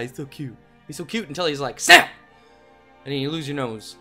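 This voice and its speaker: A young man hosting a game play video, talking to viewers in a goofy way and breaking into loud yelps and yells. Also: a little high, a little fast. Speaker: gaming channel host. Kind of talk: let's play commentary. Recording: game music playing softly behind.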